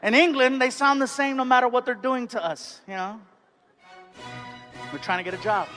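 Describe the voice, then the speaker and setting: Male stand-up comic, high pitch, animated storyteller, live show with music behind. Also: normal speed, long pauses. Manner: animated storytelling, switches into put-on voices. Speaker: stand-up comedian. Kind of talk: stand-up comedy set.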